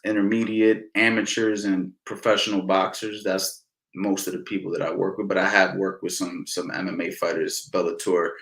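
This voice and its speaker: A man's voice: low voice, moderate pace. Laid-back male boxing coach, roomy sound. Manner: relaxed, peppers talk with "you know" and "man". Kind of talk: casual Q&A instruction.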